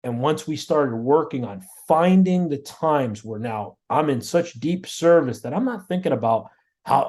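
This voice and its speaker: A man, a guest on an interview show, tells his stories in an animated way and often repeats words and restarts mid-sentence. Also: a little high, moderate pace. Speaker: guest, auto body shop owner. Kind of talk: storytelling in a podcast interview.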